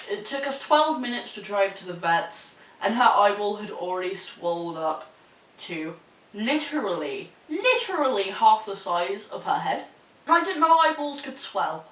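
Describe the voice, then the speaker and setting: A young woman with a New Zealand accent telling a story in a sweary, animated way, laughing as she goes. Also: mid-range voice, a little slow. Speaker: vlogger. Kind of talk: casual storytelling. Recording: echoey room, mic at a distance.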